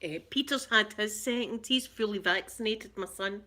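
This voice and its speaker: A middle-aged ASMR livestream host from Scotland chats casually with her viewers in a Glaswegian accent. Her medium-pitched voice moves at normal speed and sounds pushed and bright; she laughs often and keeps repeating her phrases.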